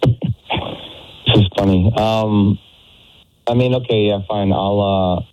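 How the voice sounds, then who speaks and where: A man's voice: fairly low pitch, steady tone, takes it slowly, a little mellow, a little hiss or hum. A man on a phone call telling a radio host his side of a date, hesitant, with many fillers. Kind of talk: telling a story over the phone. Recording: phone line.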